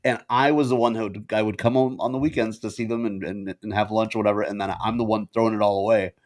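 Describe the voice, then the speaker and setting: A man co-hosting a podcast, telling stories in animated casual banter and laughing often, recorded over a video call. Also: lowish voice, fast. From Indian family. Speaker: podcast co-host. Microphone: video call with ring light.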